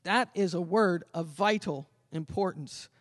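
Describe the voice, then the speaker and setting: A man preaching a sermon as pastor, swinging from loud emphatic calls to quiet conversational asides. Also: high voice, a little slow, no echo, clean studio sound. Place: church sanctuary.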